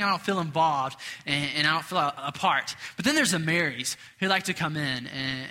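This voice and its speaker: A man's voice: fairly high pitch, bright, forceful tone. A man preaching a casual, chatty sermon with self-deprecating asides, in a church. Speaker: pastor. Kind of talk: conversational sermon. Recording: long reverb of a large hall.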